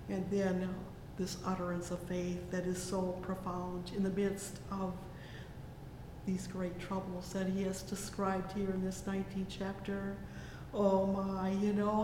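Woman preacher, flat measured delivery, slow pace, fervent asides, roomy hall with faint noise. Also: medium pitch. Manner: fervent, many "oh, yes" interjections; reads scripture slowly and solemnly. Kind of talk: sermon with scripture reading.

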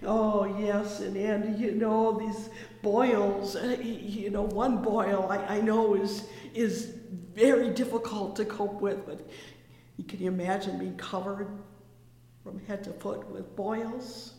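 A woman preaching a fervent sermon, reading scripture slowly and solemnly, often breaking in with "oh, yes.". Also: medium pitch, flat delivery, mellow. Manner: fervent, many "oh, yes" interjections. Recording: echoey hall, faint room noise.

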